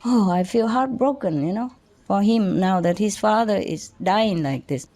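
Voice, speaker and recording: Woman teacher, mid-pitched, chatty, halting storytelling full of restarts and light laughter. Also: warm tone. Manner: halting, many restarts and chuckles. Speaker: spiritual teacher. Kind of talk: personal storytelling to an audience.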